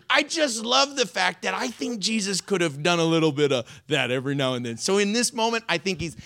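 A pastor giving a sermon in a playful, animated way, often breaking into laughter while explaining scripture. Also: mid-range voice, a little fast, vocal fry, hardly any pauses.

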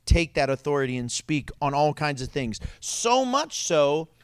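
A male pastor delivering a sermon, telling stories with laughter and dropping to a hush for emphasis. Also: on the high side, a little slow, smooth, no echo, clean studio sound. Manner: animated storytelling with laughs and sudden drops to a hush.

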